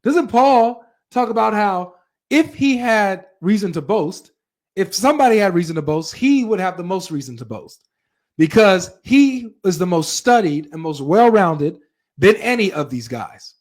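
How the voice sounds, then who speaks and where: A man hosting a live reaction stream, reading chat and talking straight to his viewers in an animated way. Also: high-pitched, a little slow. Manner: animated, talks straight to viewers with frequent asides.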